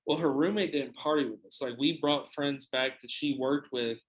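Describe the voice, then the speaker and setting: A man's voice: mid-range voice, moderate pace, rough recording. A young man hosting a podcast, telling a long anecdote in a casual, profane, rambling way with frequent restarts. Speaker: podcast host. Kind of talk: casual storytelling.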